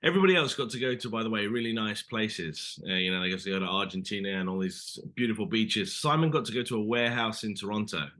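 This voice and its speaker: A man's voice: lowish voice, fast, hardly any pauses, bright, forceful tone. A man, an actor, chatting casually as an interview guest, rambling with lots of "you know" and "sort of".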